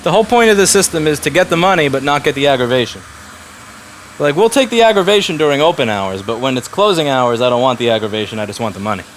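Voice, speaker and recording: A man's voice: mid-range voice, animated, fast, slight background noise. A man running a repair shop, giving blunt, profane instructions to his staff in casual workplace talk.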